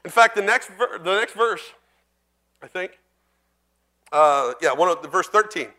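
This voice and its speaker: A high, bright male voice preaches a sermon in a church. He speaks conversationally and turns to his congregation with questions. He slows down to read scripture. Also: animated. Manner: reads scripture slowly and deliberately.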